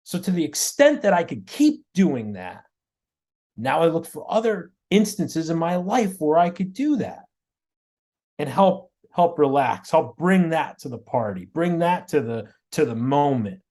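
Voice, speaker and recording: A man, a guest on an interview show, tells his stories in an animated way and often repeats words and restarts mid-sentence. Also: fairly high pitch, measured pace. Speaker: guest, auto body shop owner. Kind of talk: storytelling in a podcast interview.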